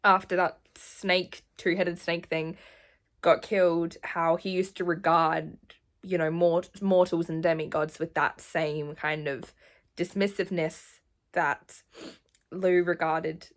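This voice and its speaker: A woman's voice: fairly low pitch, little pitch movement, slow pace. A woman of about nineteen chatting casually in a reading vlog at home, gushing and emotional, often laughing. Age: late teens. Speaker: vlogger.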